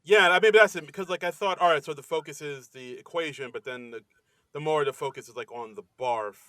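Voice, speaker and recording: A man's voice: a little high, brisk, sharp tone, no echo. A man co-hosting a comedy podcast, recapping sketches in a rambling, filler-heavy casual chat. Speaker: podcast co-host.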